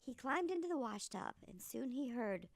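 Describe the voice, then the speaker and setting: Animated woman reading a storybook aloud. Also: a little high, moderate pace, dry recording.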